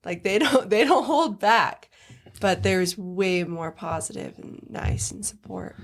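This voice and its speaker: A young woman talking as a guest on a podcast. She speaks openly about personal things and laughs easily, with a mid-pitched voice. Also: animated, unhurried. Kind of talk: casual podcast chat.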